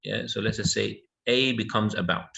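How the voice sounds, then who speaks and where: A man's voice: on the low side, fairly even intonation, normal speed, vocal fry, pushed and bright, highs cut off. A man teaching an English lesson, patiently repeating words and checking that his student follows.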